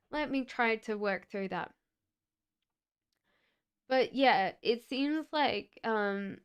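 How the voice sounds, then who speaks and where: A woman giving tarot readings on a live stream, talking gently and reassuringly with frequent fillers. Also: medium pitch, clean tone. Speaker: tarot reader.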